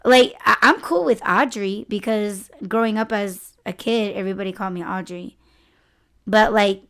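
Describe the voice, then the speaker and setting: A woman's voice: medium pitch, moderate pace, clear, resonant tone. Young woman telling stories and laughing. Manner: animated storytelling, frequent laughter, acts out others' lines. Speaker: podcast host. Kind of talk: casual chat.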